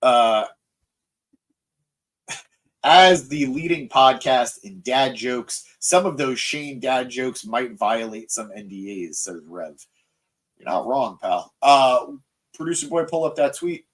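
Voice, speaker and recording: Young guy hosting a live podcast, reading chat and riffing, jokey and excitable, lots of ums, medium pitch. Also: takes it slowly. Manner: excitable, joking, self-mocking, frequent fillers. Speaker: podcast host. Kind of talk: live wrestling review podcast, reading viewer comments.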